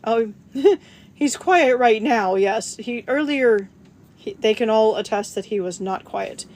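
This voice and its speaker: A woman's voice: fairly high pitch, animated, slow pace, darkish tone. A middle-aged woman hosting a casual livestream, chatting to viewers and cooing at her dog, laughing often. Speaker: livestream host.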